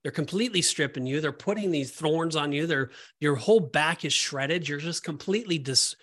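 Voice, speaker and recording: Emotional man, higher voice, rambling. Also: moderate pace, fairly bright tone. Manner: rambling, emotional, many restarts. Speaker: podcast co-host. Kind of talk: casual Bible discussion.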